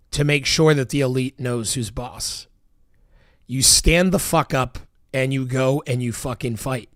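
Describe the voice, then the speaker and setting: A man's voice: mid-range voice, a little slow, dry recording, clean studio sound. A man delivering a heated, profanity-laced political rant, emphatic and repetitive. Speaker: political commentator.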